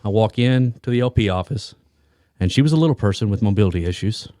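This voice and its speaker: A man's voice: fairly low pitch, lively intonation, quick pace, dark tone, no echo, studio quality. A man co-hosting a podcast, telling a rambling anecdote full of restarts and asides in casual chat. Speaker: police detective and co-host.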